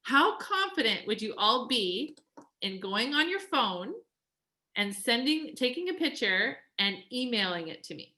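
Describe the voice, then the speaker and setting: A woman's voice: fairly high pitch, big pitch swings, unhurried, sharp tone. A woman life coach talking casually to a live coaching group. She is chatty, says "like" often and acts out quoted voices.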